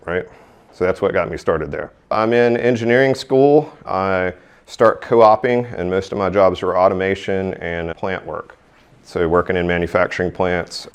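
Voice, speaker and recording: A man in his fifties from the American South, telling his career story in a blunt, irreverent way with mild swearing. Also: deep voice. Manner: blunt, irreverent, mildly profane. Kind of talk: casual storytelling monologue.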